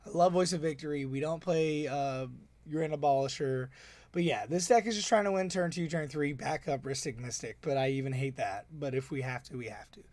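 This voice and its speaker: A man with a slightly raised speaking voice chats through a casual breakdown of his tournament games. He's excitable and rambling, tossing in quick asides. The sound is close and dry, with no room echo. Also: a little high. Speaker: tournament organizer and player.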